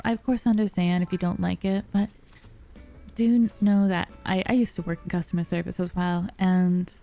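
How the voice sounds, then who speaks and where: A woman streamer chatting softly and calmly on a dynamic mic, sounding sleepy and relaxed. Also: medium pitch, gravelly. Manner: soft, sleepy and calm, yawning. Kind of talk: relaxed live-stream chat. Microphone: dynamic studio mic.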